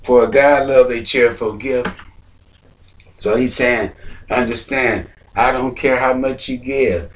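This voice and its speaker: A man preaching a sermon on giving, repeating phrases and climbing to near-shouts. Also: medium pitch, fairly even intonation, takes it slowly, recorded from a distance.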